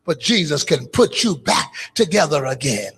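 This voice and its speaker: A man preaching a call-and-response church sermon, shouting and half-singing his lines with frequent hallelujahs, recorded in a church sanctuary. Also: fairly high pitch, very animated, normal speed, breathy edge. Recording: church hall reverb.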